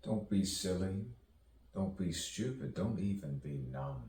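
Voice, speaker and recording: A man's voice: sits low, animated, a little slow, dark tone. A man performing a rambling spoken-word poetry soliloquy, musing to himself and repeating phrases in rhythmic runs. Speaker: poet. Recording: roomy echo, distant mic, faint background noise.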